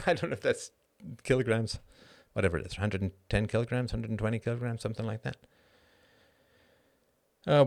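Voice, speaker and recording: Middle-aged guy hosting a live chat show, kinda low voice, lively and chatty, keeps going "right?". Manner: animated, frequent rhetorical "right?", laughs mid-sentence. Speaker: host. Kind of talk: live show monologue answering chat questions.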